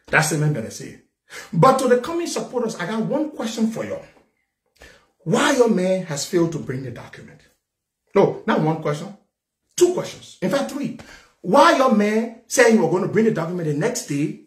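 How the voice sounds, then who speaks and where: Angry high-voiced male talk show host. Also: sing-song, normal speed, pauses often, roomy sound. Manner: fiery, repetitive, shouting at times. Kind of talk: angry political rant.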